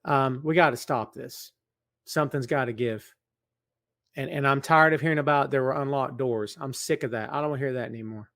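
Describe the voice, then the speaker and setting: A man's voice: mid-range voice, steady tone, brisk, fairly bright tone, no echo. A middle-aged man hosting a live stream, greeting viewers by name and teasing them, then speaking earnestly. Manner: serious, earnest appeal. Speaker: podcast host. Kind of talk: casual live-stream chat. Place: large empty building. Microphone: in front of a camera.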